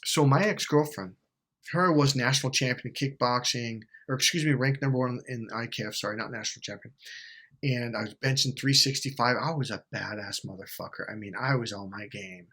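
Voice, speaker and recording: A middle-aged man hosting a self-help video, telling a blunt, swear-heavy story in an animated monologue. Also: mid-range voice, fairly quick, breathy edge.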